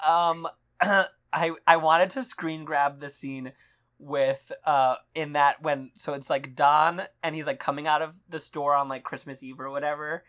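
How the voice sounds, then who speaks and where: A woman's voice: deep voice, steady tone, a little slow, fairly bright tone. A young woman co-hosting a podcast, chatting casually about movies with lots of fillers and frequent laughter. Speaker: podcast co-host.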